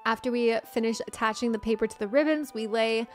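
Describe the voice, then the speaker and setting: A young woman streams a visual novel game and reads it aloud. Her voice sits fairly high. She keeps the reading quick and playful. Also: faint music behind.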